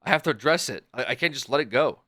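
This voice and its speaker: A man's voice: medium pitch, expressive, fast, bright, forceful tone, no room sound, studio quality. A man streaming a game live, talking back to his chat in an exasperated, swearing rant. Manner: frequent swearing. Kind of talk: live gaming stream commentary.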